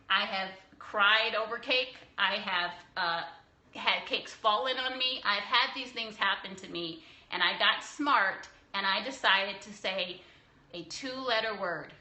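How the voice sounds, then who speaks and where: A woman's voice: mid-range voice, pushed and bright. A young woman cake decorator answering viewers' questions on a casual live stream, blunt and preachy, with some laughs and mild swearing. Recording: echoey room.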